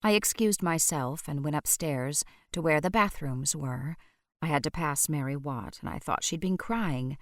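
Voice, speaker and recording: A woman narrating an audiobook in a measured storytelling manner. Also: low-pitched, no room sound, clean studio sound.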